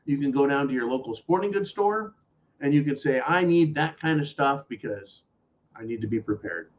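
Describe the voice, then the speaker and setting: A man hosting a political talk show, ranting bluntly with profanity and mockery. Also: fairly high pitch. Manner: blunt, profane, angry and mocking. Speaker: podcast host. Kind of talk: political commentary rant. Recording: dull lo-fi audio.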